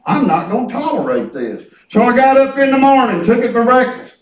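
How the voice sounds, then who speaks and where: A man's voice: very high-pitched, animated, brisk, few pauses. A man preaching a sermon, telling folksy stories and calling on the congregation to respond. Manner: folksy storytelling with call and response. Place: church hall. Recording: echoey room, distant mic.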